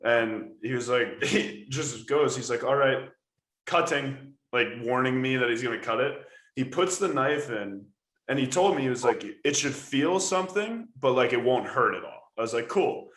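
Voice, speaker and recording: An American man co-hosting a podcast, telling a story in a casual, animated way with laughs. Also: mid-range voice, normal speed. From United States. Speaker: podcast co-host. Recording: roomy echo.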